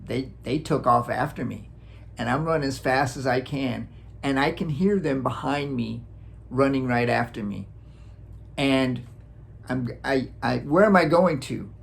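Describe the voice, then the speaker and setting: A man from Wisconsin casually telling a childhood story, animated, acting out sounds and chuckling often. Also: medium pitch, a little slow, vocal fry. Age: adult, looking back on childhood. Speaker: vlogger.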